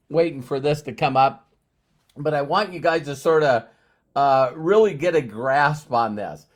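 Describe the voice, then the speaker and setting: A man in his fifties hosting a live-streamed motivational talk, upbeat and rambling, with many fillers and restarts. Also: mid-range voice. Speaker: network marketing presenter.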